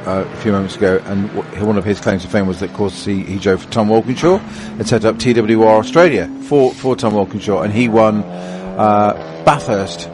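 A man's voice: lowish voice, moderate pace, few pauses, background noise. A man co-commentating on motorsport, telling anecdotes in a rambling way with many restarts.

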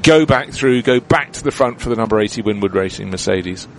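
Gravelly male race commentator, cars roaring. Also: fairly low pitch, a little fast. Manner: chatty, explanatory, detailed race analysis. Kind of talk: live motorsport commentary. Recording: commentary with loud car noise behind.

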